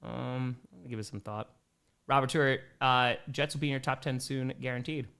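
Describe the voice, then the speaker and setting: A Wisconsin streamer in his thirties reads chat questions aloud and riffs loosely in a casual live Q&A, switching to a high baby voice to talk to his cats. His voice is creaky, a bit bright, and smooth, with fairly even intonation and a fairly quick pace.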